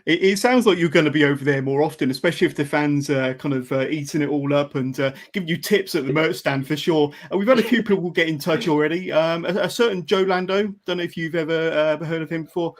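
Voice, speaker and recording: Slightly high-pitched male podcast host. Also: quick pace, few pauses. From United Kingdom. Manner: hesitant, many "uh" and "um" fillers. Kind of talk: live interview hosting.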